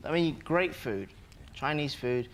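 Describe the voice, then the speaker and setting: A man's voice: medium pitch, lively intonation, measured pace, slight background noise. A man telling comic stories as a chat show guest, acting out little scenes. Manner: jokey, acts out little scenes. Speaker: comedian guest. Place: TV studio with audience. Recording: loud audience laughter in a studio. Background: studio audience laughing.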